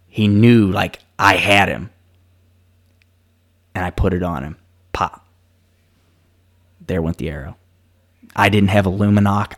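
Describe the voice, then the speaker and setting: A man telling a story in casual conversation, acting out the quoted lines and rambling with lots of fillers and restarts. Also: sits low. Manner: animated storyteller who acts out quoted dialogue; loose and rambling, many fillers and self-restarts.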